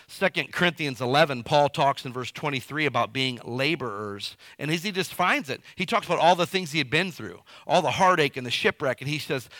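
A man preaching in a lively, swooping voice that jumps up and drops down through a folksy, conversational sermon. His tone is bright and ringing, a little higher than most men's. The sound is close and dry. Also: no echo. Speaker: pastor.

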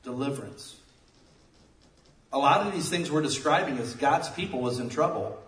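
A man preaching a sermon, telling jokey stories with sudden loud outbursts. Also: medium pitch, animated, moderate pace. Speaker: pastor. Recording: echoey room, mic at a distance.

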